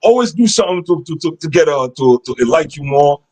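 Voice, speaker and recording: A man's voice: fairly high pitch, expressive, fairly quick, a little mellow, low-quality recording. A man giving relationship advice in a rambling, repetitive monologue, often checking in with "Understand?". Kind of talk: casual monologue.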